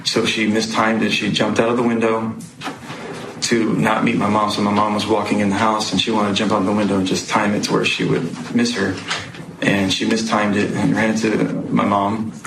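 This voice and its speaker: A man testifying as a witness in court, speaking haltingly with many pauses and fillers. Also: lowish voice, monotone. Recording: echoey noisy courtroom audio.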